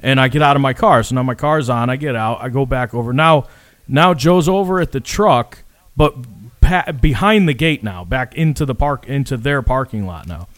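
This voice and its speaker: With a mid-range voice at a moderate pace and no room sound, a man relates a story on a podcast he co-hosts. The chat is casual, and he stays animated and profane, swearing freely and acting out other people's words.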